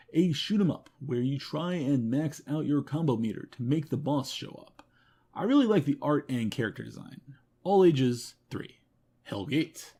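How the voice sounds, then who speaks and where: Husky, lively man reviewing games. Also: a little high. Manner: wry, self-mocking asides. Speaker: host. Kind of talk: rapid game review roundup.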